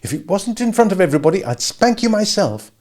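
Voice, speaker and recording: A man voicing a stern, earnest teenage girl in a novel, raising his pitch. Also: very animated, normal speed, vocal fry, a little mellow, heavily acted. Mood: scolding.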